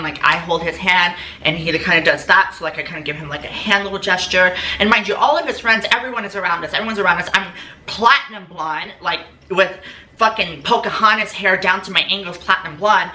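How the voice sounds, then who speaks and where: A young woman chats through a storytime, her voice bright and forceful, a little low for a woman. She leans on fillers and slips into the voices of the people she quotes. The room echoes around her and a faint hiss sits underneath. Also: fairly quick. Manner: chatty, filler-heavy, acts out quoted lines. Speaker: vlogger. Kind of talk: casual storytime monologue.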